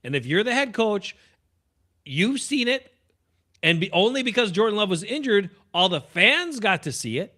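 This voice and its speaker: A man's voice: high voice, sing-song, moderate pace, bright, forceful tone. A man co-hosting a sports show, arguing his point emphatically in casual chat and laughing easily. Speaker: sports podcast co-host.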